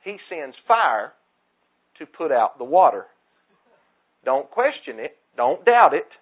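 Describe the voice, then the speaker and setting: A male preacher delivering a sermon with emphatic, dramatic swings between loud declarations and near-hushed phrases. His voice sits somewhat high for a man. The sound is thin and tinny, as if heard over a phone. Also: very animated, takes it slowly, breathy edge.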